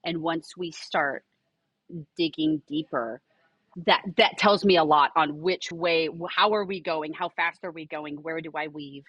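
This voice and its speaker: Husky middle-aged woman, super animated, dry close sound, reassuring pilates teacher vibe. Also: deep voice, measured pace, dry recording. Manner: animated, emphatic storyteller, reassuring. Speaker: Pilates instructor and studio owner. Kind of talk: podcast interview guest.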